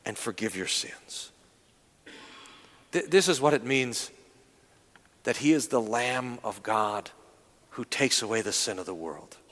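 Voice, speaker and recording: A male pastor preaching an earnest sermon, telling a story and slowing down to go soft on key lines. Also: on the high side, long reverb tail. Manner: earnest storytelling, drops to slow and soft for emphasis.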